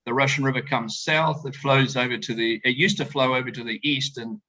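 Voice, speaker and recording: A middle-aged man, a winemaker, telling animated, joking stories to a tasting audience over a video call. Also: medium pitch, brisk, highs cut off. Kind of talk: storytelling talk to a tasting audience. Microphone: video call presentation.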